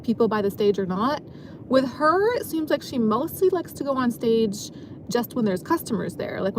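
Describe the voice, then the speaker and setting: A woman's voice: a little high, noisy background. A woman casually telling a long story from her job as a dancer, rambling and filling her sentences with "like". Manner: rambling, filler-heavy, frequent "like".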